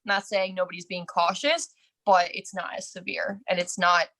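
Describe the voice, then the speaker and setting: A woman's voice: fairly low pitch, flat delivery, normal speed, gravelly, fairly bright tone. A young woman from New Jersey with a New Jersey accent, chatting casually on a livestream with laughing asides. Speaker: real estate agent, guest. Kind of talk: casual group chat.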